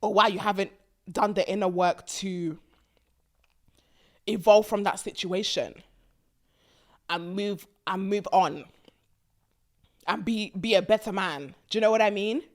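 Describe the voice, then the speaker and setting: A woman, hosting a casual talk about a reality TV show, animated and mocking as she acts out the people she talks about. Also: medium pitch, unhurried, pauses often. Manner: animated, mocking, quotes people in put-on voices. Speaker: host.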